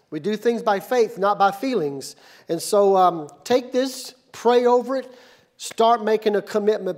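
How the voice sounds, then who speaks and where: High-voiced preacher in a church. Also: male voice. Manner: building from calm teaching to shouted, energetic call-and-response. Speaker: pastor. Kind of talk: sermon. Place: church sanctuary.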